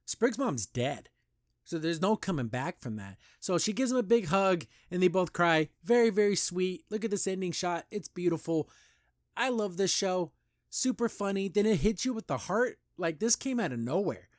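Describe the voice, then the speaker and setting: Talking at a normal speed, this male cartoon-review host has a sing-song, easygoing enthusiasm, peppering his rambling with "like" and "you know." His voice jumps higher when a scene earns his praise. It's a dry, clean studio recording.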